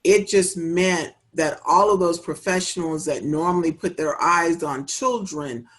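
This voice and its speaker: In a conversational interview, a female child welfare manager speaks with measured earnestness and repeats phrases to drive points home. Her pitch is fairly low.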